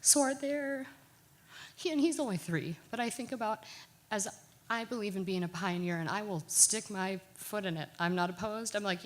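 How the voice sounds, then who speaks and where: A woman's voice: medium pitch, normal speed. A woman from Oregon speaks from an audience microphone in a lecture hall, asking her question in a candid, emotional way.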